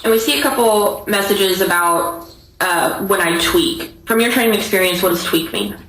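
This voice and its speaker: A woman's voice: medium pitch, moderate pace, a bit bright. A woman prosecutor questioning a witness in a courtroom in a direct, businesslike way. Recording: echoey courtroom audio with faint noise.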